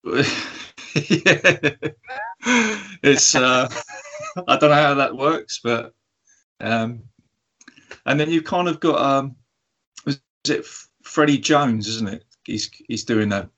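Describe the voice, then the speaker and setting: A man's voice: mid-range voice, slow pace, pauses often, pushed and bright, lo-fi sound. A man co-hosting a film review podcast, talking casually and rambling with lots of ums. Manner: rambling, hesitant, many ums and laughs. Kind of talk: casual chat.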